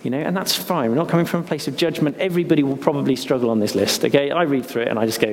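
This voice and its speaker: A man giving a sermon in a casual, halting way, with restarts and fillers, then reading scripture slowly and softly with long pauses. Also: mid-range voice. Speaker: pastor. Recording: long hall reverb with faint ambient noise.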